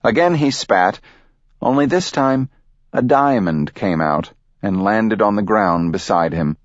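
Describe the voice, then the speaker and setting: Low-voiced man reading a dark fable. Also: animated, unhurried, no echo, muffled recording. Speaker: narrator. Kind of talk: scripted narration of a fable.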